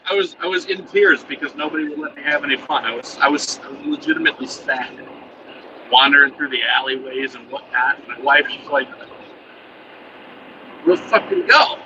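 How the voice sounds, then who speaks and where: A man's voice: medium pitch, fairly even intonation, moderate pace, lo-fi sound. A man telling a rambling, profane story in a casual chatty way, chuckling now and then, from inside a truck cab. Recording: distant mic with loud vehicle noise.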